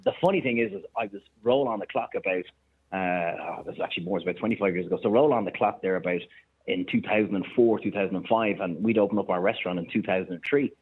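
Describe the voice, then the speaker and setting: An Irish man, a chef and restaurant owner, telling stories in a lively way on the radio and acting out the people he quotes. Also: on the low side, fast, breathy edge. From Ireland. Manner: animated anecdote-teller, acts out quoted voices. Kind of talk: casual radio storytelling. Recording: thin phone-line sound.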